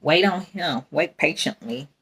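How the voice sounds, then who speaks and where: A woman's voice: low voice, lively intonation, unhurried, a bit bright, breathy edge. A young adult woman, hosting a casual faith podcast in a rambling, candid way and laughing often. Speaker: podcast host.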